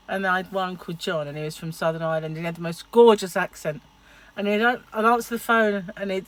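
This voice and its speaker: A middle-aged woman vlogging in a casual, chatty way, telling stories and laughing often. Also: on the low side. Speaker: diet vlogger. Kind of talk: casual chat.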